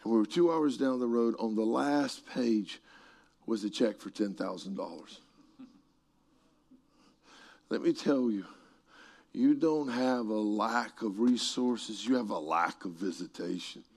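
A man preaching a sermon, telling stories with asides to people in the room and swinging from hushed tones to shouts. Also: lowish voice, a little slow, vocal fry.

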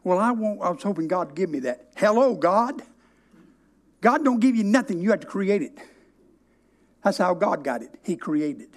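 A man preaching a sermon, telling a story with emphatic, drawn-out stresses. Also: high-pitched, sing-song.

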